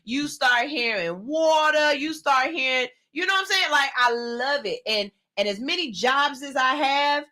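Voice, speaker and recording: Woman radio host, high bright voice, hype-heavy, jokey, studio interview. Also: a little slow, hardly any pauses. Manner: animated, joking, slangy, shouts and hype calls. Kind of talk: casual radio interview banter.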